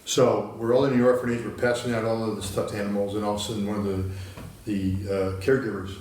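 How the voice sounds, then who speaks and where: A man's voice: lowish voice, fairly even intonation, fairly quick, a little mellow, far from the mic, slight background noise. A man from the United States, a guest in a studio interview, telling stories casually with many restarts. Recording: very echoey, from the mic.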